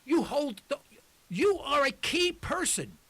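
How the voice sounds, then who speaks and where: A man's voice: very high-pitched, very animated, slow, a bit bright. A man in his sixties hosting a talk radio show from the studio, speaking in a rambling, emphatic monologue. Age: 60s.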